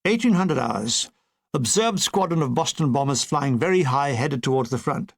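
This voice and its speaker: In a creaky, animated, mid-range voice at moderate pace, an older man narrates his own war memoir as an audiobook, using dry comic timing and quick put-on voices.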